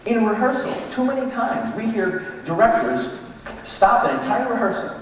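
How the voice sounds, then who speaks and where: Guy giving a pep talk to a crowd, fairly high voice, bouncy delivery, big roomy hall, a bit off mic. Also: moderate pace, slight background noise. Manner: animated, acts out voices of people in his examples. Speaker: motivational speaker. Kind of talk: lively leadership talk to a live audience. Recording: echoey hall, mic from a distance.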